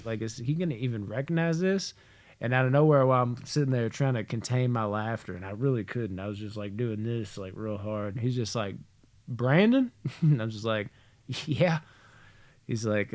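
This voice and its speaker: Animated, swearing man telling a story. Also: mid-range voice. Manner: animated storyteller, swears freely, laughs through his lines. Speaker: podcast co-host. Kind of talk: casual storytelling chat.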